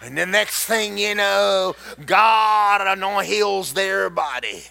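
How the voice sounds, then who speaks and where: A man's voice: high voice, slow pace, vocal fry, sharp tone, exaggerated voice. A male preacher acting out a resentful longtime church usher who complains that he has been faithful for years and gets nothing. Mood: grumbling. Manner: complaining, aggrieved whine.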